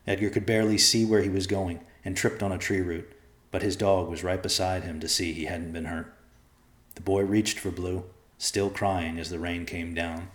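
A man with a very deep voice reads a dark story in a measured, grave way. The reading rings in an echoey room. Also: flat delivery. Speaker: narrator. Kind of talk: dramatic audiobook narration.

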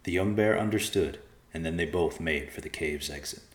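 Deep-voiced man narrating a storybook. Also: normal speed. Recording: echoey room.

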